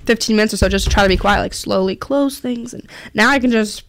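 A young woman co-hosting a casual radio show, chatty and giggly, talking in quick bursts. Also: mid-range voice, a little hiss or hum. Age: young adult. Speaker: radio co-host.

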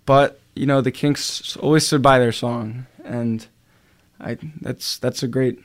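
A young man hosting a radio show, talking casually between songs in a halting, rambling way with lots of filler sounds. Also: medium pitch, steady tone.

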